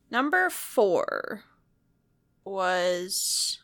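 A woman's voice: medium pitch, very animated, extremely slow, a bit bright. A woman co-hosting a casual chat, blunt and opinionated, often laughing.

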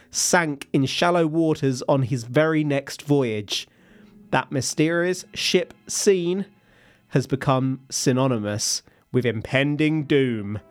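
A man telling a sea story to his co-host in a casual, wry way, with playful asides and laughs. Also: on the high side.

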